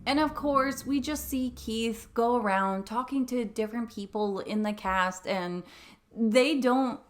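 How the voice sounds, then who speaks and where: A young woman, a musical theatre coach, chatting through a reaction video, emotional and quick to laugh. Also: on the high side. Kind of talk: casual reaction commentary.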